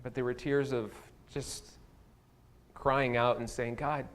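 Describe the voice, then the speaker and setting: A man's voice: medium pitch, little pitch movement, slow pace. A man preaching a sermon as pastor, telling a candid personal story with a self-deprecating touch. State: tearful at times. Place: church sanctuary.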